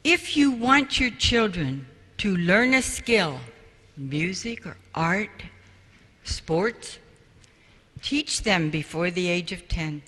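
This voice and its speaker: A man giving a parenting lecture to an audience, telling stories slowly and asking the room rhetorical questions, recorded in an echoey hall from far off. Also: high-pitched, animated, sharp tone. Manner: slow, storytelling delivery with rhetorical questions to the audience. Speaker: parenting speaker. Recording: echoey hall, voice far from mic, faint noise.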